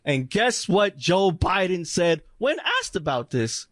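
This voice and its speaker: A man co-hosting a casual podcast, talking in an animated way, mocking politicians and breaking into loud exclamations. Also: high voice, a little slow, no echo, clean studio sound. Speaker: podcast co-host.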